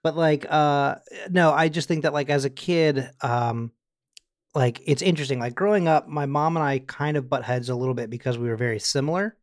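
A man's voice: on the high side, fairly quick. A young man co-hosting a podcast, chatting casually and telling rambling stories. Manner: rambling, animated storytelling with acted quotes. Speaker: podcast co-host. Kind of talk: casual chat.

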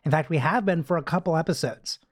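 Brief: casual podcast host, mid-range pitch, talkative with quick asides. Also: no room sound, studio quality. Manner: chatty, quick asides, frequent fillers. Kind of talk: casual chat recapping a TV episode.

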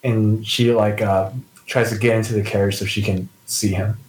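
Man, lowish voice, tabletop player, rambling with lots of "like", roomy echo. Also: little pitch movement, moderate pace. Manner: rambling, heavy use of "like". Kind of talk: describing his character's actions in a tabletop game.

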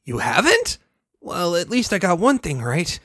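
A podcast co-host voicing a young male cartoon dragon, earnest and apologetic, in a lively, swooping voice. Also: mid-range voice, measured pace, no room sound, clean studio sound. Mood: sheepish.

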